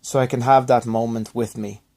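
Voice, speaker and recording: Male vlogger, subdued and halting, recovering from illness, apologetic in tone. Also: mid-range voice, fairly even intonation, creaky, a little mellow. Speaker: YouTuber thanking subscribers. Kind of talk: rambling personal vlog.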